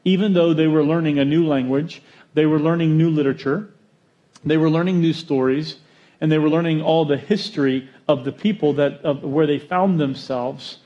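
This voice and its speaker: Guy pastor giving a sermon, kinda high voice, animated storyteller, muffled lo-fi sound. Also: moderate pace. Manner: storytelling, animated with jokes and acted-out quotes.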